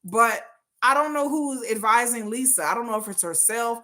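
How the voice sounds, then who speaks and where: A woman, chatting casually with viewers on her livestream, laughing often and jumping high in pitch when excited. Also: moderate pace. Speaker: livestream host.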